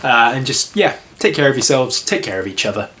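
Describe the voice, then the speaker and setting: A man giving a relaxed storybook reading and then chatting about the story in a gentle, easygoing way with easy laughs. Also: medium pitch, a little fast.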